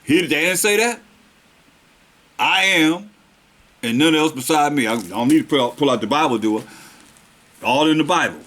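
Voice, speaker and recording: A man teaching scripture as a preacher, reading verses slowly and then restating them in plain street talk. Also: fairly high pitch, expressive, fairly bright tone. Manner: slows down to stress the verses.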